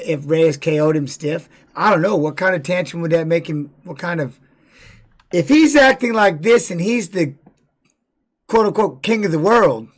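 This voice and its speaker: A man giving casual live-stream commentary on fight videos, blunt and profane, repeating words for emphasis. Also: a little high.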